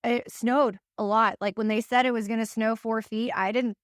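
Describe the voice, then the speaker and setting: A woman's voice: fairly high pitch, steady tone, moderate pace, no echo, clean studio sound. A young woman co-hosting a podcast with her husband, wry and teasing, laughing easily. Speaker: podcast co-host. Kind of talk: casual chat.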